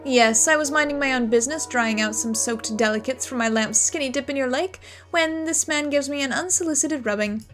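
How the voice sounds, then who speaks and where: Woman reading as a tired genie stuck in a lamp, dry and put-upon, fairly high voice. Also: a little fast, hardly any pauses, fairly bright tone, soft background music. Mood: weary. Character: weary genie trapped in a lamp.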